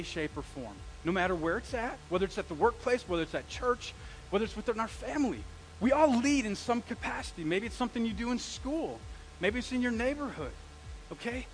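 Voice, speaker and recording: A pastor delivers his sermon in a high, bright-pitched man's voice, moving between casual asides and rising emphasis. He talks straight to his congregation, full of questions and slang. A faint noise sits under the recording. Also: low-quality recording. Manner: animated, conversational preaching with rhetorical questions and slang. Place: church sanctuary.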